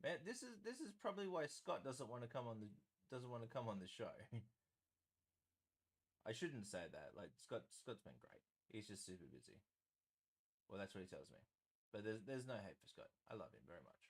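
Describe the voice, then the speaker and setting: A man's voice: on the low side, big pitch swings, normal speed, long pauses. A man hosting a live stream, chatting in a rambling, self-deprecating way while he paints.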